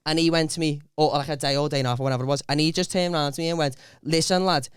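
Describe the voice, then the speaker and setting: Fast-talking man telling a story. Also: fairly high pitch, clear, resonant tone, no room sound, studio quality. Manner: animated storyteller, lots of quoted dialogue. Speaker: podcast host. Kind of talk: casual group banter.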